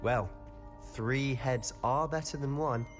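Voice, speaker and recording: A man's voice: medium pitch, slow pace, over music, natural voice. An actor playing a witty, eager young male wizard student in a video game, given to wry, teasing banter. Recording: game audio with long reverb.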